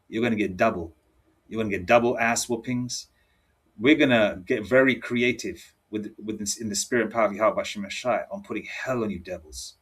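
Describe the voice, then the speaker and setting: A man's voice: on the low side, brisk, fairly bright tone, husky. A man preaching angrily and reading scripture aloud. He talks in a combative way and keeps checking in with "all right?" and "okay?". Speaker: religious teacher.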